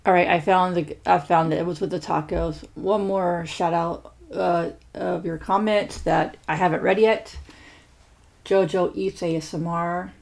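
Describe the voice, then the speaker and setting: Female food-channel host, casual and chatty, low-pitched with a gravelly edge. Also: steady tone, unhurried, darkish tone. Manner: chatty, many fillers and restarts. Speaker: mukbang host. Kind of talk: casual chat reading viewer shout-outs.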